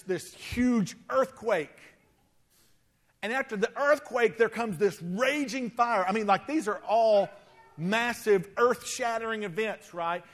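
High-voiced male pastor, conversational sermon. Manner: conversational, repeats words when starting phrases.

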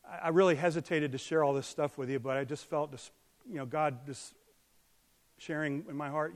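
A man preaching a sermon, earnest, swinging from loud emphatic peaks down to soft, quiet remarks. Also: a little high, fairly even intonation, normal speed, in a large hall. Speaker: pastor.

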